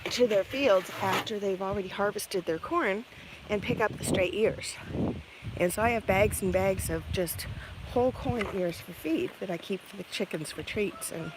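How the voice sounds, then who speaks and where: A woman's voice: medium pitch, animated, normal speed. Chatty woman outdoors on a farm. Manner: chatty, rambling, laughs often. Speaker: vlogger. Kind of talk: casual storytelling while doing farm chores. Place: outdoors on a farm by chicken pens. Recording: outdoor recording with clear background noise.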